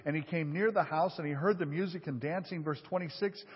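A man preaching a sermon in a large hall, his voice trailing into long reverb. He reads scripture passages aloud and then talks them through in a relaxed, conversational way, with the occasional filler. The audio is dull and muffled. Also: a little high, a little fast, breathy edge. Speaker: pastor.

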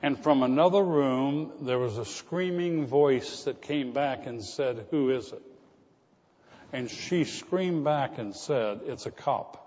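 Storytelling preacher in a reverberant church. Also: male voice, mid-range voice, a little mellow. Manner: storytelling preacher, rising to emphatic repetition. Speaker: pastor. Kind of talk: sermon. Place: church sanctuary. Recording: muffled church recording with long reverb.

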